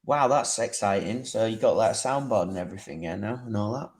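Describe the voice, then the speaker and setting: A man's voice: fairly low pitch, animated, brisk, a little mellow. A man co-hosting a casual football podcast with laid-back, teasing banter. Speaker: podcast co-host.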